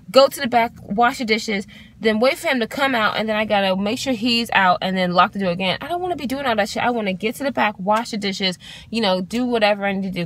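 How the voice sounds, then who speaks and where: A woman in her twenties telling an exasperated storytime rant to her vlog, swearing freely and talking in an animated way. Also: a little high. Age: 20s. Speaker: vlogger.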